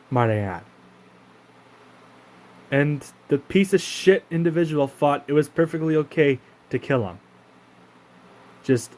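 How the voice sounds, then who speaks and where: It's a casual on-camera rant by a Canadian man who hosts his own channel: indignant, profane, and marked by repeated stops and restarts. The voice is mid-range with a somewhat dark tone.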